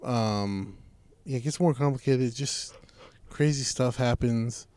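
A man in a loose, foul-mouthed podcast chat, cracking jokes and riffing with his co-host. His voice sits at an ordinary middle pitch. The sound is dry and close. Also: takes it slowly, a little mellow, smooth, no room sound. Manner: profane, joking, mock voices. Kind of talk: crude casual chat.

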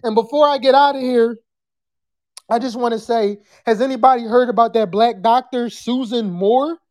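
A podcast host chatting live with callers and the chat, loud and profane, sometimes breaking into screams. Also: medium pitch, normal speed.

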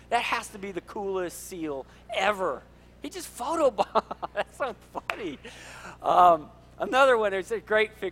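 A middle-aged male pastor, preaching an animated sermon in a church and joking with the congregation. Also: high voice. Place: church sanctuary.

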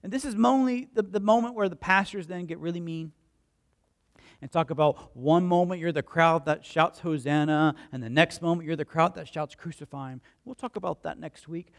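The man's voice is gravelly, on the high side, and fairly quick. Preaching as a pastor, he tells stories conversationally, acts out the quotes of people and crowds, and asks the congregation questions.

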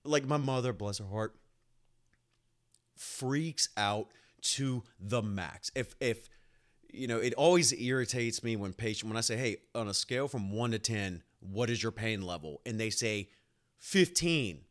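A man's voice: fairly low pitch, a little slow. Rambling young man telling a story. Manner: rambling, animated, swears freely, fillers like "like" and "uh". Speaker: podcast host and nurse. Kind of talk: casual solo podcast storytelling.

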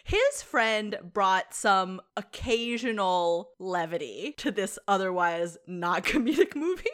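Lively-pitched woman, wry chatty co-host. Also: slow pace, clean tone. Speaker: podcast co-host. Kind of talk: casual film review chat.

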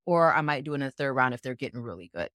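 A woman with a notably low voice explains how she trains athletes' minds. She is animated and plays out each scenario step by step. The sound is dry and close. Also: very fast, no room sound. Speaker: mental performance coach. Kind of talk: explanatory interview answers.

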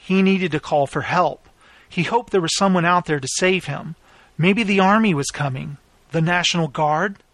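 Man, storyteller, steady and plain, a bit high-pitched, dry close-miked sound. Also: no echo. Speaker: author and narrator. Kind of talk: scripted audiobook narration.

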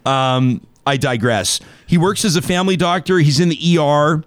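A man's voice: a little high, normal speed, no room sound. A man hosting a talk show, chatting casually in a rambling, self-deprecating and joking way. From Canada. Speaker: radio show host. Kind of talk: casual on-air banter.

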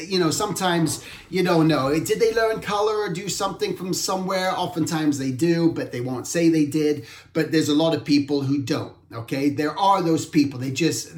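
A man giving an informal art talk, reflective and rambling, often correcting himself mid-sentence. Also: fairly high pitch. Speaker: art instructor. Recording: roomy echo.

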